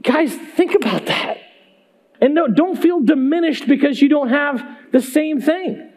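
High-voiced man preaching a sermon. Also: lively intonation, unhurried, darkish tone. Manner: emphatic, conversational preaching with rhetorical questions. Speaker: pastor. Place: church sanctuary.

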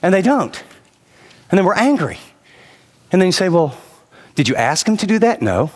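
Male pastor, slightly high voice, conversational sermon that turns emphatic; long hall reverb. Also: very animated, normal speed, darkish tone. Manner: conversational, rising to emphatic exhortation.

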